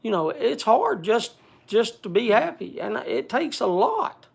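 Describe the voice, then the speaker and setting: Gravelly man talking bluntly, halting. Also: high-pitched, very animated. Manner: blunt, halting, many restarts and fillers. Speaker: speaker addressing a group gathering. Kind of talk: casual heartfelt talk.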